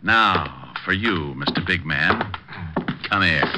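An actor playing a wisecracking male private detective in a 1940s radio drama, breezy and quick with a comeback. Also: low voice, expressive, heavy background noise. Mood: wry. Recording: muffled old radio broadcast.

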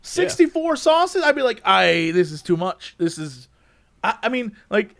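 A man's voice: sits high, very animated, a little slow, creaky, fairly bright tone, dry recording, studio quality. A young man in casual chat, thinking aloud and musing with restarts.

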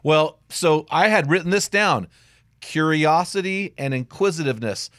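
A man's voice: on the high side, lively intonation, moderate pace, a bit bright, no room sound, clean studio sound. A middle-aged man hosting a podcast interview, talking conversationally and often restarting his sentences. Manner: conversational, with frequent restarts and self-corrections. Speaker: podcast host.

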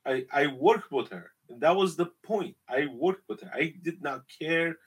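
A man's voice: a little high, moderate pace, husky, poor audio. A man with an Iranian accent, a podcast guest telling stories in a casual, emphatic way. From Iran. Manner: animated, emphatic storytelling. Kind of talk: casual conversation.

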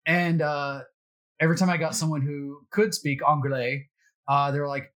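A middle-aged man telling security anecdotes in a relaxed, self-deprecating way, with plenty of fillers. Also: on the high side, normal speed. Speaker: security guest. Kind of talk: casual storytelling.

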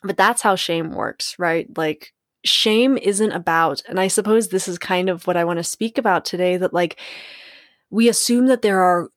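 A woman's voice: on the low side, normal speed, dry recording, studio quality. A young adult woman hosting a solo podcast, talking in a reflective, candid way, laughing often and acting out the voices in her head. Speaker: podcast host.

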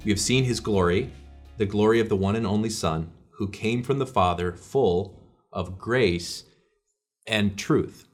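A man's voice: lowish voice, a little slow, faint music behind. A male pastor teaching a short devotional in an earnest, conversational way, with prayers.

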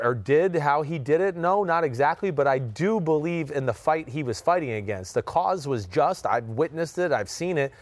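A man hosting a casual sports podcast, thinking aloud with drawn-out "ooh" sounds and plenty of fillers. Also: mid-range voice, no echo. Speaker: podcast host and football analyst.

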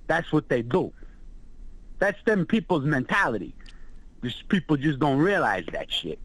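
Male caller, blunt crude rant, fairly high voice, dry close sound. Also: big pitch swings, a little slow, fairly bright tone, no room sound, rough recording. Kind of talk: phone-in rant.

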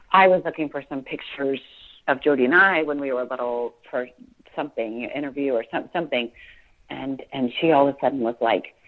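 A woman in her forties giving a podcast interview, halting and full of fillers and restarts as she talks about her family. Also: a bass voice. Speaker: podcast guest. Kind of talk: emotional personal interview. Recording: tinny phone-like line.

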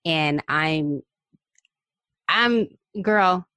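A woman host with a lowish voice talks candidly and chattily, opening up about her own experiences. The sound is dry and close, with no room echo. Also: extremely slow, pushed and bright, smooth. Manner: candid, chatty, shares personal stories. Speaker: podcast host. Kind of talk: conversational interview.

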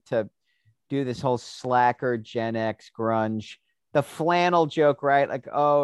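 An opinionated man weighs in on a casual chat, stumbling over his first words before pushing his argument. His voice is slightly high and sounds dry and close. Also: no room sound. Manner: animated, opinionated, stammers into points. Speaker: podcast co-host. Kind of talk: casual discussion.

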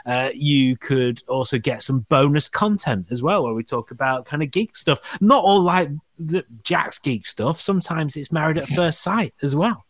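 A man's voice: a little high, moderate pace, hardly any pauses, no echo. A man hosting a podcast, reading sponsor plugs in a rambling, self-mocking way with many fillers. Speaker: podcast host. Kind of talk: casual chat with ad reads.

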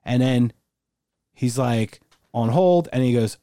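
A man's voice: mid-range voice, slow pace, dark tone, dry recording, clean studio sound. A man co-hosting a casual podcast, talking crudely and acting out movie lines. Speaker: podcast co-host. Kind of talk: casual chat.

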